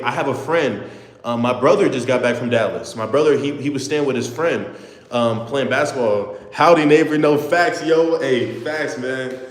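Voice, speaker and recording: A nineteen-year-old man chats loosely and sincerely with his livestream viewers, stumbling over restarts and saying bro at every turn. His voice sits at a middling pitch. The room around him is echoey, with a reverb that hangs on. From Houston, Texas. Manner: rambling and earnest, full of "bro" and restarts. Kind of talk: casual live chat with viewers.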